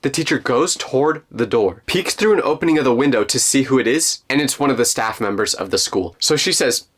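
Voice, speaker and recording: A man's voice: mid-range voice, expressive, fairly quick, a bit bright. Young man telling a suspenseful story. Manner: dramatic, suspenseful, joking asides. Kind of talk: story time narration.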